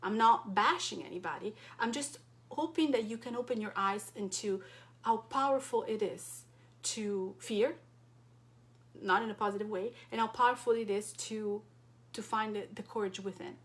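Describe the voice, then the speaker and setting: A woman's voice: medium pitch, moderate pace, a bit bright. A woman from Europe, a wellness coach, speaking directly and passionately to her support group, full of rhetorical questions. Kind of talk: impassioned direct-to-camera talk.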